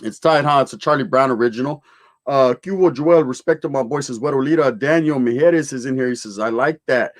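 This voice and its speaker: A man's voice: medium pitch, brisk. A man hosting a casual livestream, reading out viewer comments in laid-back street slang sprinkled with Spanish words.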